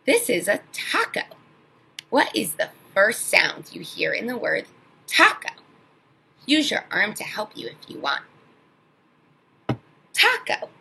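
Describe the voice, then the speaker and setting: A woman teaching an online phonics lesson to young children, sounding out words slowly and with exaggerated emphasis. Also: medium pitch, wildly swooping pitch, gravelly, bright, forceful tone, slight background noise, poor audio.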